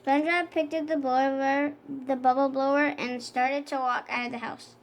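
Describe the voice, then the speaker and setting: Woman narrator, high voice, children's read-aloud, steady with small self-corrections. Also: normal speed, slight background noise. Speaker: storybook reader.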